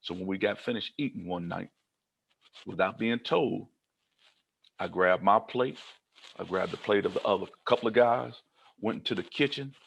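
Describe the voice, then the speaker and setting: A man from Kentucky giving a humorous motivational keynote, telling his own story in an animated style and acting out the dialogue. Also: fairly low pitch, vocal fry, slight background noise. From Kentucky, United States. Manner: animated, comic, acts out dialogue.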